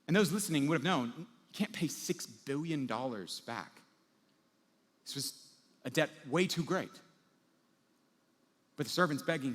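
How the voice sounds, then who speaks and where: A man's voice: fairly high pitch, moderate pace, pauses often, a bit bright. A male pastor preaching a sermon to a live audience in a large hall, in a casual storytelling manner and acting out the people in his story. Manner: casual storytelling, acts out quoted characters. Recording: long reverb of a large hall.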